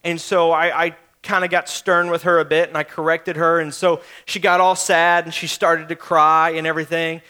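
A man's voice: a little high, flat delivery, moderate pace, hardly any pauses, pushed and bright, clear, resonant tone. A young man preaching a sermon in an earnest, conversational way, often restarting his sentences. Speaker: pastor.

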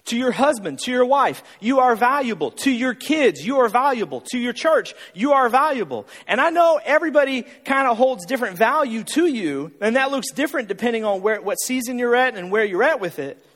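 A man's voice: very high voice, animated, brisk, few pauses, a bit bright, long reverb tail. A male pastor preaching a sermon, pressing his point with repeated lines and rhetorical questions.

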